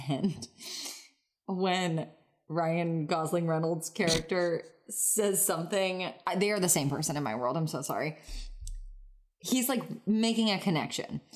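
A woman co-hosting a podcast, chatting casually with blunt, sarcastic, profane humor. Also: deep voice. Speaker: podcast co-host. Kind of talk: casual chat.

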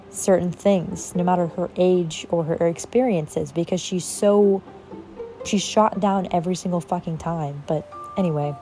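In a fairly low, mellow voice, this young podcaster relates a personal story casually, leaning on "like," cursing often, and putting on voices to quote people.

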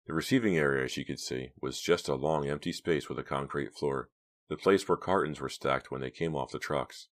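Deep deep voice guy reading a novel aloud, measured and hushed. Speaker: audiobook narrator. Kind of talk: scripted narration.

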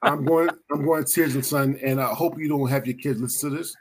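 A man hosts a casual podcast, his husky voice sitting at a middle pitch. He talks loosely and bluntly, swearing and laughing as he runs the show. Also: fairly quick. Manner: animated, swearing, laughing often. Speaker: podcast host.

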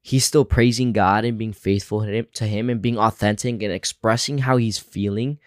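A man's voice: lowish voice, steady tone, moderate pace, dry recording, clean studio sound. A man co-hosting a casual Bible discussion podcast, speaking earnestly and reflectively as he draws lessons about faith. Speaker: podcast co-host.

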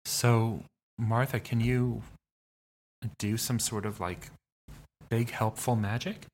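A man's voice: medium pitch, fairly even intonation, takes it slowly, darkish tone. A man playing a tabletop game, talking in character in an easygoing way. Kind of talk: casual in-character play.

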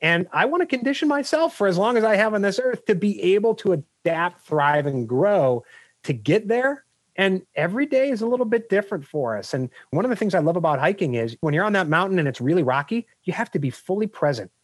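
A man with a slightly high voice talks as a podcast guest and business coach. He tells stories with energy and animation, pushing his points hard. The recording is dry and close-miked. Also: brisk, no echo. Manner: energetic, anecdotal, animated storyteller. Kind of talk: podcast interview storytelling.

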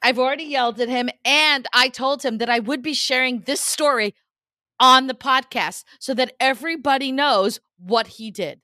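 Hoarse woman cohost, bright sharp voice, kinda high, teasing and animated, dry close sound. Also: moderate pace, no room sound. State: hoarse, lost voice. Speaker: podcast co-host. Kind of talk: casual chat.

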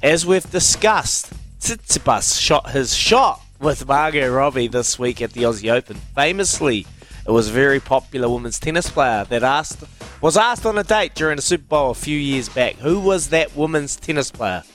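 A man's voice: medium pitch, expressive, moderate pace, a bit bright, faint music behind. A man with a New Zealand accent hosting a radio quiz, joking and laughing with callers. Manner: joking, laughs often, calls callers mate and brother. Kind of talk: casual radio banter.

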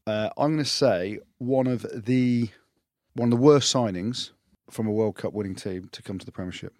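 A man's voice: lowish voice, moderate pace, a little mellow, no echo, clean studio sound. A man co-hosting a podcast, talking in casual banter and teasing his co-hosts with a joking, laughing manner. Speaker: podcast co-host.

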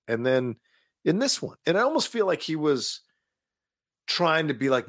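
A man talks films in a relaxed, unfiltered way, his pitch bouncing around with real life. There's a gravelly edge to his voice, and the sound is close and dry with no room around it. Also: moderate pace, dry recording. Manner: animated, swearing, laughs often. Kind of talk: casual movie chat.

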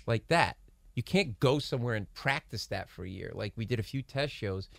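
A man's voice: lowish voice, moderate pace, gravelly, no room sound. Guy rambling thru backstage stories on a podcast, lots of restarts, dry sound. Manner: rambling, many restarts, animated storytelling. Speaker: guest, late-night show writer. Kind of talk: casual podcast interview.

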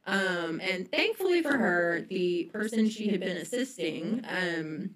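A woman's voice: lowish voice, animated, measured pace, poor audio. A young woman telling a history story on a casual podcast, chatty and full of ums and likes.

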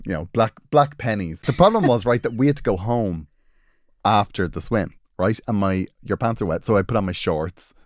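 Animated guy telling stories. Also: normal speed, no echo, clean studio sound. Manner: animated storyteller, laughs often, swings between loud bursts and low asides. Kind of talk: casual chat.

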